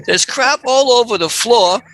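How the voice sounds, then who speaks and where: A man co-hosting a comedy podcast, telling a funny story in an animated way and acting out the people in it. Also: very high voice, a little slow, no echo. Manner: animated, jumps into voices for characters. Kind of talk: comic storytelling.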